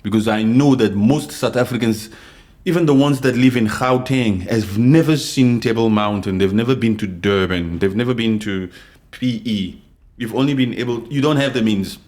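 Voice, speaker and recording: A man from Congo delivers a heated podcast monologue in a mid-range voice. He talks straight at his listeners in a blunt, confrontational way. He swings from loud emphatic bursts to low, muttered asides. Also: normal speed. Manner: forceful, confrontational, swings between loud outbursts and quiet asides; reads and answers live comments. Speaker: podcast host. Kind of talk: unscripted opinion podcast monologue.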